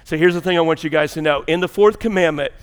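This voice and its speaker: A man's voice: a little high, fast, clean tone, in a large hall. A man with a Mississippi Southern accent preaching a sermon as pastor, fervent and folksy, with colloquial speech.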